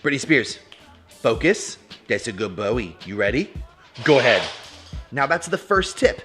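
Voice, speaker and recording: A man's voice: mid-range voice, sing-song, moderate pace, fairly bright tone, slightly rough, faint music behind. A young man hosting a casual dog-training vlog from home. He is playful and jokey and calls viewers bro. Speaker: dog trainer and video host. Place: home with his dogs.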